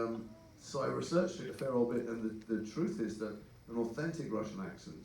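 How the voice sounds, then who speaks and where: A man, a voice actor on a film panel, answering an audience question in a quick, thoughtful way. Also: on the low side, a little mellow, distant mic, a little hiss or hum. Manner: fast, thoughtful, explanatory. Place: event hall with audience. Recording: echoey hall, mic heard from afar.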